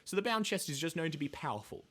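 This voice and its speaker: A man's voice: on the high side, big pitch swings, fast talker, a bit bright. Give me a rambling man explaining lore. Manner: rambling, hesitant, swears, lots of fillers. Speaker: podcast host, lore explainer. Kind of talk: casual chat, explaining lore.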